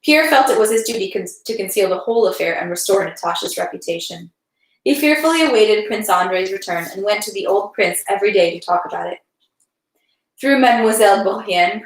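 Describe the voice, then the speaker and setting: A woman's voice: mid-range voice, roomy sound, poor audio. A woman reading a long novel aloud, changing her tone for the dialogue and sometimes stumbling and restarting. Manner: reads dialogue with shifting tones, occasional slips and restarts. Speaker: reader.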